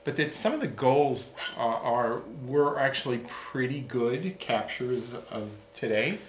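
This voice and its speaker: A man co-hosting a relaxed talk show, wandering through his points with frequent restarts and small chuckles. His voice sits at an ordinary middle pitch. The room around him is echoey, with a faint background hiss. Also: a little slow. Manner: rambling, self-interrupting, chuckles often. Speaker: podcast co-host. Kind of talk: casual chat.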